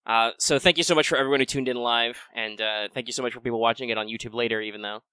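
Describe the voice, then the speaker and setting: A man hosting a casual live-streamed game podcast, chatty and quick through sponsor reads. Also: mid-range voice, fairly even intonation, sharp tone, smooth, no echo. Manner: chatty, fast patron list reading. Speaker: podcast host.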